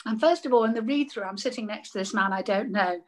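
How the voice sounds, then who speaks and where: An older woman, a radio actress, telling lively anecdotes in casual chat and laughing often. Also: fairly high pitch, fast talker.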